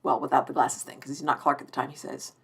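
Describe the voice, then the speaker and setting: A woman's voice: extremely low pitch, flat delivery, fast talker, creaky, fairly bright tone, husky. A woman around forty hosting a live-stream TV review, effusive and chatty, often restarting her sentences mid-thought.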